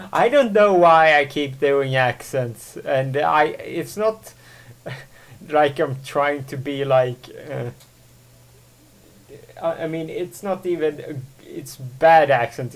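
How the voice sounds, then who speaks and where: A man hosting his own solo podcast, rambling with many fillers and self-corrections. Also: on the high side. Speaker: show host. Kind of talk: casual solo podcast monologue.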